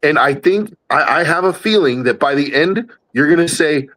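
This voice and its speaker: A man's voice: on the high side, lively intonation, moderate pace, a bit bright, low-quality recording. A man co-hosting a podcast in casual chat, talking bluntly and emphatically, swearing freely. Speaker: podcast co-host.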